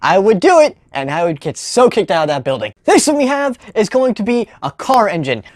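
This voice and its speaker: A woman's voice: mid-range voice, very animated, brisk, a little mellow. A woman hosting a casual comedy sound-effect session, talking in a playful, self-deprecating way. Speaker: host.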